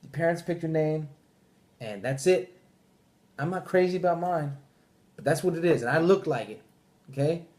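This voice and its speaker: A man's voice: a little high, moderate pace, long pauses, darkish tone. A man hosting a podcast, ranting casually and profanely, with mock voices for the people he quotes. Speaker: podcast host. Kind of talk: casual chat.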